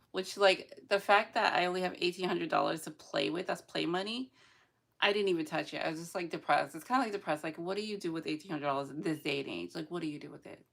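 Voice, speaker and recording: A woman's voice: fairly low pitch, quick pace, vocal fry. A young adult woman chatting casually in a rambling, emotional vlog, sometimes laughing through tears. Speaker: vlogger. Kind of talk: casual chat.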